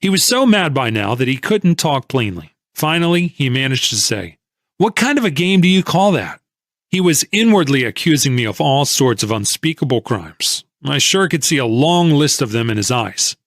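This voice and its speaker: A man narrates a novel in the first person with measured, expressive storytelling. His pitch moves in lively swings. The recording is dry and close, with no room sound. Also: no echo. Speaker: audiobook narrator.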